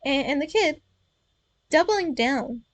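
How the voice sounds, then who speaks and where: A young woman with a high voice tells personal stories in a chatty, playful way. She often catches and corrects herself mid-sentence. Her voice is close and dry, with no room echo. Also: expressive, takes it slowly. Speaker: virtual streamer telling stories. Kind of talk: casual storytelling.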